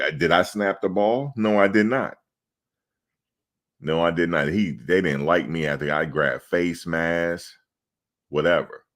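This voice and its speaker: A middle-aged man with a very low, deep voice tells casual, animated stories. He gets loud and emphatic, swears freely and acts out the other people in his stories. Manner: loud, emphatic, profane, acts out quoted exchanges. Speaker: sports show host.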